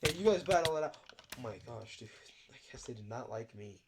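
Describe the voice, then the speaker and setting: A stuffy-nosed voice chats loosely over a game, rambling from one thought to the next and leaning on fillers. The voice sits at an ordinary middle pitch. Loud keyboard clatter and mouse clicks carry clearly under the talk, picked up by a desk mic. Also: lively intonation, a little fast, noisy background. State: stuffy nose. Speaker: gaming video creator. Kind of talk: casual commentary over gameplay.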